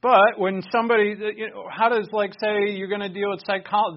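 A male pastor preaching a sermon in an animated, conversational way, with sarcastic asides to the congregation. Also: sits high, a little fast, dull audio.

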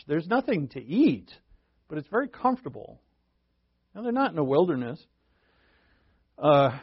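A man's voice: fairly high pitch, dry recording, highs cut off. A male preacher teaching a sermon verse by verse, in a conversational way that thinks aloud and asks rhetorical questions.

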